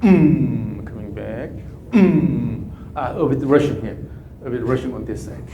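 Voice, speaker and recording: A man coaching a golf swing, giving calm, repetitive cues and humming through counts. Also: medium pitch, a little slow, lo-fi sound, slight background noise. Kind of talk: live coaching session. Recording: echoey room with faint ambience.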